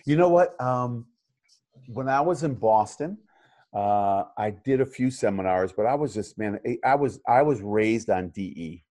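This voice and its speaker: A man's voice: mid-range voice, expressive, a little slow, mellow, no echo. A middle-aged man, a chiropractor and coach, talking in a casual interview, rambling with many fillers and restarts.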